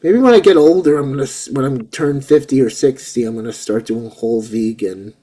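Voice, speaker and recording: A man in his forties hosting a casual chat show, excitable and rambling, often repeating himself. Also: medium pitch, a little fast. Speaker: host.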